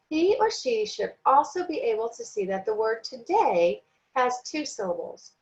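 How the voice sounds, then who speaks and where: Lady teacher doing a training video, kinda high voice, slow careful syllables, bit muffled audio. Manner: slow, deliberate, sounds out syllables. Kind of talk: recorded training lesson.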